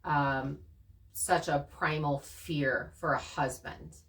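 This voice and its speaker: A woman co-hosting a channel, casually talking through her experiences in an earnest, animated way. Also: deep voice, takes it slowly, distant mic. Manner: earnest, animated storytelling with laughs. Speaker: channel co-host. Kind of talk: casual conversation.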